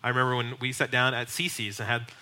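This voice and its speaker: A man's voice: medium pitch, flat delivery, fast talker, bright, forceful tone. A male pastor teaching on evangelism, earnest and emphatic, often building to raised, urgent bursts.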